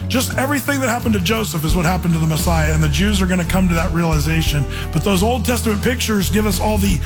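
A man's voice: high voice, lively intonation, quick pace, in a large hall, music in the background, low-quality recording. A man preaching an informal, earnest sermon in a church, quoting scripture and putting on voices to make his points. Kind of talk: conversational sermon.

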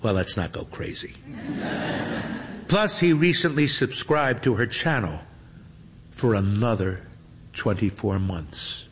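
Slow, wry male storyteller. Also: lowish voice, lively intonation. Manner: dry, wry and unhurried. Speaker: narrator. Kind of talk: storytelling narration. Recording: faint hum with long reverb.

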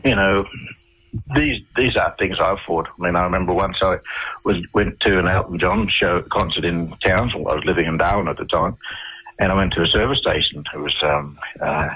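A man's voice: sits low, brisk, a bit bright, husky, rough recording. A middle-aged Australian man, a radio interview guest, telling stories in a rambling way full of restarts and fillers.

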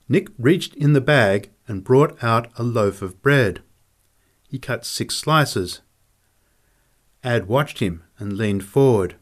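Reading a story aloud from a script, this male audiobook narrator uses a lowish voice and a slow pace. Each character gets its own voice, and he delivers the dialogue with lively expression.

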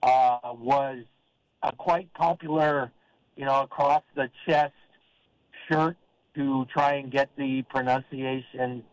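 An older man from Oregon calling into a sports talk show, rambling in a halting, friendly way with lots of fillers and restarts. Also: mid-range voice, fairly even intonation, dry recording, rough recording. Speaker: caller. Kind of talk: casual call-in chat.

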